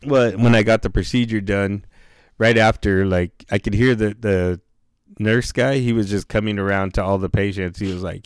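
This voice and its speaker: Laid-back man with a smooth, lowish voice. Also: fairly even intonation, normal speed, dry recording, clean studio sound. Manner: laid-back, slangy, swears freely, laughs through the story. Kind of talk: casual storytelling chat.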